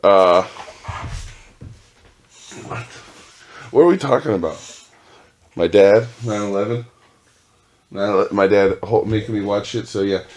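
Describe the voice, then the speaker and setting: A man's voice: fairly low pitch, slow, long pauses, a little mellow. A man in his thirties, hosting a podcast at home, telling a rambling, profane story full of restarts and asides. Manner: rambling, profane, self-interrupting. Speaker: podcast host. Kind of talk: casual solo storytelling. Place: home with dogs.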